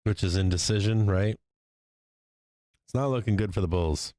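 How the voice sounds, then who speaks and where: Low clear guy riffing on the market live, swears a lot, keeps cracking up, dry close sound. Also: normal speed, dry recording. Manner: profane, excitable, laughs often. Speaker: stock market livestream host. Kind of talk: live trading commentary.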